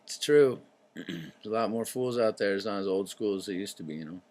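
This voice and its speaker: A man hosting his own show, talking in a loose, rambling monologue that drifts into tangents, swearing freely and clearing his throat often. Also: low voice, brisk. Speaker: show host.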